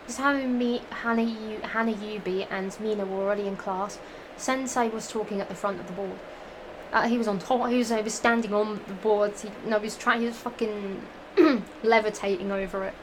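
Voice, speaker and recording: A woman's voice: mid-range voice, fairly even intonation, moderate pace, noisy background. A woman reading fan fiction aloud, breaking off into giggly, profane, rambling asides.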